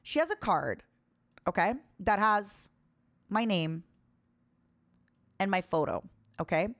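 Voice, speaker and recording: A Ukrainian woman around forty, raised in Canada, chats casually and slowly on a live stream. She's an animated storyteller who laughs often, her voice jumping high and loud when she's amused.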